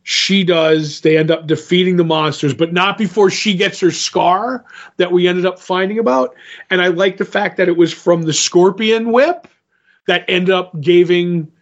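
A man's voice: high voice, normal speed. A man co-hosting a podcast, casually retelling a comic book story in a rambling way and voicing the quotes with "he's like". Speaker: podcast co-host. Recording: dull lo-fi podcast audio.

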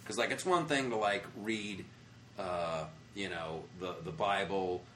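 An American man, a comedian, telling travel stories in a casual interview, animated and profane, acting out the people he quotes. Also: low voice, unhurried, echoey room, slight background noise. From United States. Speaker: comedian guest. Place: comedy club after a show.

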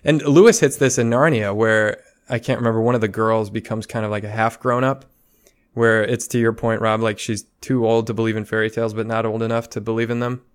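A man's voice: on the low side, fairly even intonation, a little fast. A young man co-hosting a casual podcast chat, talking in a thoughtful, rambling way with many restarts. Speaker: podcast co-host.

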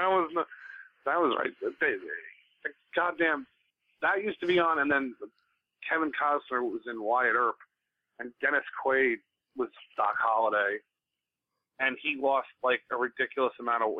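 A man's voice: mid-range voice, animated, dry recording. A man chatting casually on a podcast, easygoing and talkative. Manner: easygoing, chatty, quick to laugh along. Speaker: podcast guest. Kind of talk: casual chat. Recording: tinny phone-like sound.

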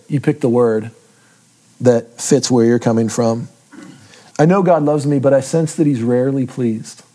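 A man's voice: mid-range voice, dark tone. A man giving a casual, self-deprecating Bible lesson, often checking in with his listeners. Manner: casual, checks in with frequent tag questions. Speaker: Bible teacher. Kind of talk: conversational teaching talk.

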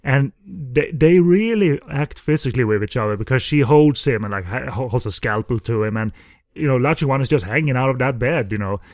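A man's voice: medium pitch, expressive, brisk, a little mellow, no echo, studio quality. A man co-hosting a film podcast, talking casually with many fillers and restarts. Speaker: podcast co-host. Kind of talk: casual film review chat.

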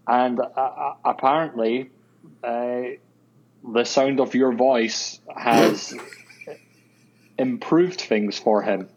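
A man's voice: medium pitch, extremely slow, pauses often, highs cut off, noisy background. A Scottish man chatting as a guest on a podcast, hesitant and full of fillers. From Scotland. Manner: hesitant, full of ums and uhs. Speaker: guest, web designer. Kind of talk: casual podcast chat.

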